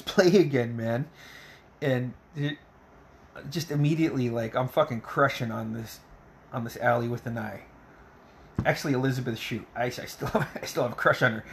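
Man recapping a film with profane excitement. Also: mid-range voice, slight background noise. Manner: profane, excitable play-by-play retelling; laughs often. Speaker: podcast host reviewing a film. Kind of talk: casual storytelling recap.

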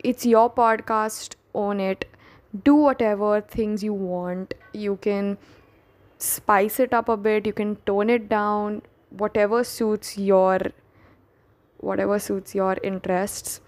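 A young woman, hosting her own podcast in a candid, chatty, self-deprecating way with quick restarts. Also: medium pitch, fairly even intonation, a little mellow, no room sound. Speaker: podcast host. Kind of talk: casual solo podcast talk.

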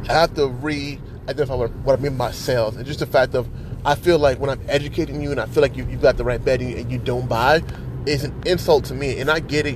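A man's voice: mid-range voice, background noise. A man hosting a casual solo podcast from inside his car, rambling with many restarts as he vents his frustration. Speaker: podcast host.

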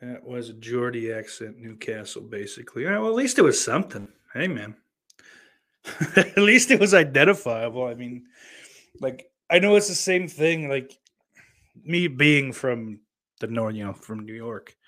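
A man's voice: mid-range voice, big pitch swings, normal speed, a bit bright. Man, Southern US accent, host reading chat, casual, profane, rambling.

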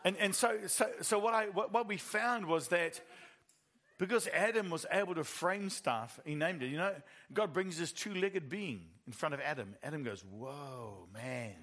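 Animated middle-aged male preacher. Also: high voice, moderate pace. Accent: New Zealand. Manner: animated storytelling, laughs at own jokes. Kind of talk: sermon.

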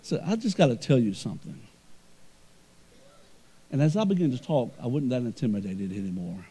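A male pastor preaching a sermon, swinging between emphatic swells and quiet storytelling. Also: mid-range voice, breathy edge.

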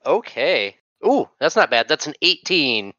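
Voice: mid-range voice, very animated, unhurried, bright, forceful tone, dull audio. A player in a tabletop game, playfully describing their character's actions. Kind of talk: tabletop role-play chat.

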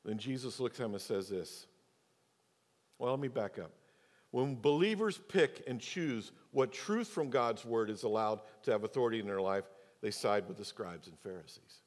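A male pastor preaching a sermon, moving between loud, emphatic stretches and quiet, low asides. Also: moderate pace. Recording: long church reverb.

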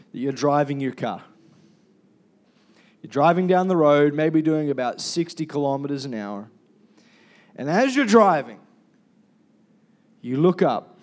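A man's voice: medium pitch, darkish tone. A man preaching a Sunday sermon as pastor, chatty and conversational, asking the congregation questions and calling for amens. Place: church.

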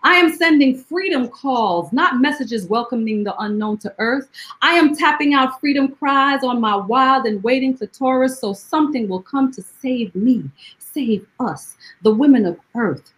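A woman with a fairly high voice. She speaks as a poet in an interview, telling stories through rhetorical questions, and recites her verse slowly and deliberately. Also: rough recording. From Jamaica. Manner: rhetorical questions, animated storytelling; slow, deliberate poetry recitation. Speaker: poet guest. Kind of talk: conversational interview and poetry reading.

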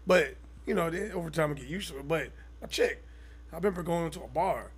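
A man with a fairly high voice, trading crude jokes on a casual podcast. He talks loosely and profanely and often acts out little quotes. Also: fairly quick. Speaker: podcast co-host. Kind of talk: casual chat.

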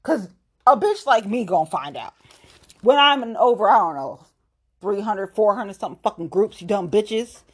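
Husky, profane, furious woman ranting. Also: mid-range voice, animated, normal speed. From Ohio, USA. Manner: blunt, profane, confrontational. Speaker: local political activist. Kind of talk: angry profane rant to camera.

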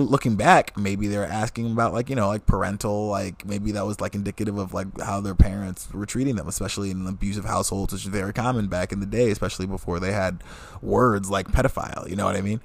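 A man's voice: lowish voice, steady tone, quick pace. A man in his twenties from the American Midwest, hosting a podcast and telling a story in a casual, rambling, emotional way that keeps cutting itself off. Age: 20s. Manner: rambling, emotional, self-interrupting. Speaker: podcast host.

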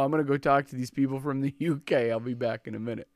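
A man with a Minnesotan accent spins a casual story for a podcast, jumping up in pitch and loudness whenever he quotes someone. His voice sits at an ordinary middle pitch. The sound is dry and close, with no room echo. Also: quick pace.

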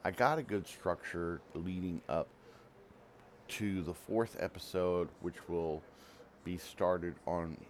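Deep-voiced guy hosting his radio show, rambly casual storytelling, talks real slow. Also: a little hiss or hum. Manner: rambling, self-interrupting. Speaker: radio program host and writer.

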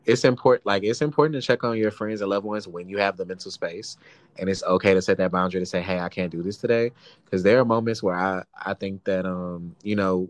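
A man's voice: deep voice, no echo. A young adult man co-hosting a podcast, talking earnestly in slangy casual chat. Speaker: podcast co-host.

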